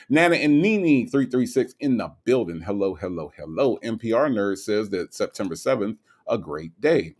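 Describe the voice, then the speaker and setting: A man hosting a livestream in a casual, teasing way. He reads viewer comments aloud and often checks in with "okay?" and "all right?". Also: on the low side. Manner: animated and teasing, with many "okay?" asides. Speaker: livestream host.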